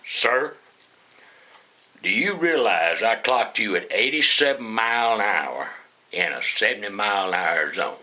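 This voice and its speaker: A man's voice: fairly low pitch, animated, measured pace, pushed and bright, pitched below the performer's own voice, exaggerated voice. A man voicing a stern, tired male state trooper in his story.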